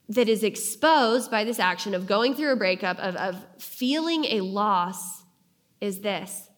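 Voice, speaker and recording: A woman giving a sermon, earnest, slowing down and pausing to stress key phrases. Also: mid-range voice, a bit bright. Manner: earnest, with slow emphatic pauses on key phrases. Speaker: speaker giving a devotional talk.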